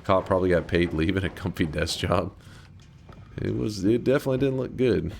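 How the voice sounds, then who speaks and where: A man streaming a game, telling stories in casual, profane chat and yelling excitedly at the action. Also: low voice, a little fast, gravelly, a little hiss or hum. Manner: profane, chatty storyteller who breaks into loud excited yells at the game. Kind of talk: casual gaming commentary.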